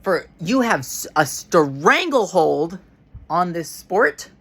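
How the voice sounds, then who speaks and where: A woman's voice: on the low side, very animated, takes it slowly, a bit bright, husky. A woman ranting to camera in a casual vlog, heated and frustrated, swearing often and restarting her sentences. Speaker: vlogger.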